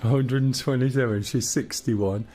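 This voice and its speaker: A man's voice: mid-range voice, steady tone, unhurried, warm tone, faint music behind. A man in his sixties hosting a live game stream, chatting casually with rambling, jokey asides. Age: 60s. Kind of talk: casual gameplay chat.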